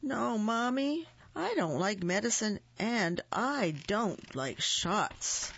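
A woman's voice: mid-range voice, animated, slow pace, a bit bright, a little hiss or hum, voice pushed up. A woman doing a whiny little girl. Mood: insistent. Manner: whiny, insistent. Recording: dull lo-fi recording.

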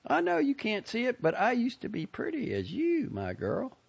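A man voicing a plump, nosy older woman with a shrill, preachy manner. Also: huge pitch swings, normal speed, vocal fry, slightly rough, lo-fi sound, full character voice. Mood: chatty.

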